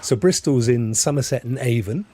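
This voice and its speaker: A man's voice: mid-range voice, lively intonation, moderate pace, warm tone. Chatty English man streaming a game. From England. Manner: chatty and rambling, chuckles often. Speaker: gaming streamer host. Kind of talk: live gameplay commentary.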